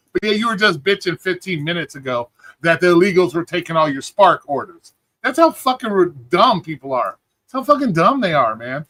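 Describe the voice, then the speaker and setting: Talking back to his chat, a livestream host goes on a profane, mocking rant, imitating people with a whiny voice. He sits high in pitch and speaks fairly quickly in a sharp tone. There's no echo.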